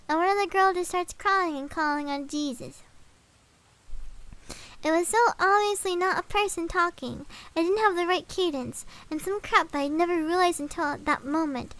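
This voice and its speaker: Her voice is extremely high and a little bright as this female streamer casually reads a scary story out loud. Swear words get swapped for gentler ones, and she breaks off for chatty tangents.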